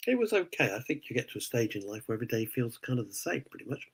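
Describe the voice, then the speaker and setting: A man's voice: medium pitch, racing, husky, low-quality recording. A man hosting a radio show, ranting indignantly in casual opinionated chat. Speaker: radio host.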